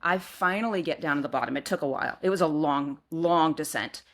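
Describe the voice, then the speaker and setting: A middle-aged woman co-hosting a podcast, telling a personal story in casual chat and acting out what she shouted back then. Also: deep voice, a little fast. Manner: animated storyteller, acts out her own past shouts. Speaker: podcast co-host.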